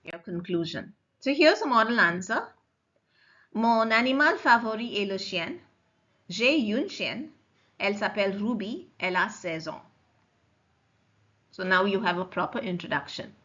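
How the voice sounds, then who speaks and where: A woman teaching French in a recorded lecture, explaining slowly, repeating forms and checking that students follow. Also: medium pitch, animated, sharp tone. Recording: dull lo-fi recording.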